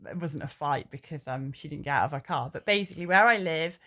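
A woman's voice: low-pitched, fast talker, pushed and bright. A woman, a podcast co-host telling stories in casual chat, swearing freely. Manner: swears a lot, tells stories animatedly.

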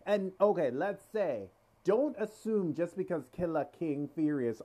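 A man hosting an interview, chatty and curious, asking questions with lively jumps in pitch. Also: measured pace. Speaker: interview host. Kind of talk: casual interview talk.

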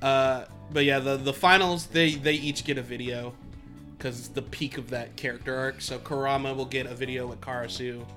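Guy cohosting a podcast, bright voice, lots of laughing, faint music underneath. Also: medium pitch, normal speed. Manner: animated, laughs often, quotes anime lines. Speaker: podcast co-host. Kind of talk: casual chat.

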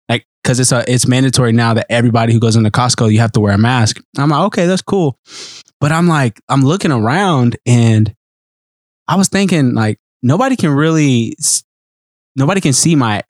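Male podcast host, excitable, sing-song, repeats words, casual chat. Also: mid-range voice, normal speed, no echo, studio quality.

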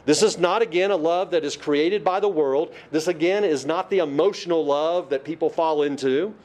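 A man's voice: a little high, normal speed, a little mellow. A man preaching a sermon, emphatic and repetitive, asking questions and answering them himself. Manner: emphatic, repeats key phrases, asks and answers his own questions.

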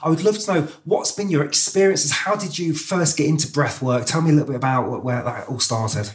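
A man hosting a podcast, chatty and quick, often repeating words as he thinks. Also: fairly high pitch, reverberant. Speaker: podcast host. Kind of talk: casual podcast conversation.

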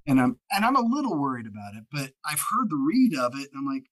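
A man's voice: on the high side, very animated, fast talker, fairly bright tone, low-quality recording. A man who narrates audiobooks, talking as a guest in a casual, rambling way full of fillers. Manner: rambling, filler-heavy, restarts often. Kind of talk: casual podcast chat.

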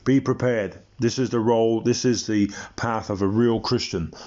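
British male preacher, low voice, impassioned and blunt, informal sermon, muffled lo-fi sound. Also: steady tone, moderate pace, darkish tone. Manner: impassioned, blunt, conversational with frequent ums. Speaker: Christian preacher.

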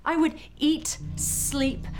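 A woman's voice: sits high, level tone, drawn-out words, a little hiss or hum. An actress playing a driven young woman in an emotionally heightened scene, putting on an American accent, played back from a scene recording. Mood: heated, insistent. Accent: American, put on. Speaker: acting student in a scene.

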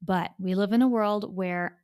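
A woman teaching English to learners in a video lesson. She speaks clearly in a patient, explanatory way and repeats her points so learners can follow. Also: medium pitch, fairly even intonation, measured pace, darkish tone.

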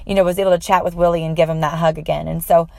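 A woman's voice: fairly low pitch, flat delivery, very fast, creaky, darkish tone, no room sound. A woman telling a personal story in an earnest, heartfelt way, with frequent fillers and restarts.

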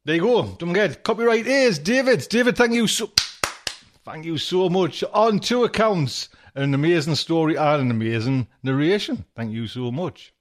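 A man's voice: a little high, expressive, moderate pace. A man hosting a podcast, chatting casually and rambling with many restarts. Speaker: podcast host. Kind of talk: casual chat.

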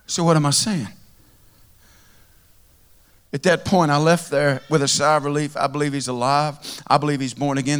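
Man, church sermon, conversational, repeats phrases, bright voice. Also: medium pitch, fairly even intonation, fairly quick, clear, resonant tone. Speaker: preacher. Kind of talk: storytelling sermon. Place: church in front of a congregation.

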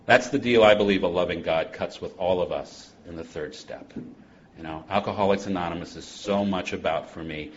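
A man speaking at a recovery convention, joking and animated, moving between loud bursts and hushed passages. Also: deep voice, a little fast. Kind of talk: humorous personal talk to a live audience. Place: convention hall. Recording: dull lo-fi live talk recording.

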